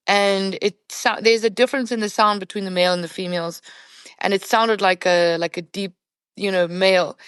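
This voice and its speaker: A woman in a podcast interview, telling her story in an animated, conversational way and leaning on casual fillers. Her voice sits at a middling pitch and sounds close and dry, with no room around it. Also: clear, resonant tone, dry recording. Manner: animated, vivid retelling with many "you know" fillers. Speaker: professional hunting guide, podcast guest.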